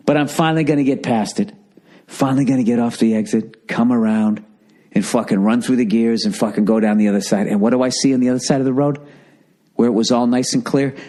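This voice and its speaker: A middle-aged man hosting a podcast, telling a comic story in a profane, exasperated rant with a Boston accent. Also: mid-range voice. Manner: profane, exasperated, animated ranting. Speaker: podcast host.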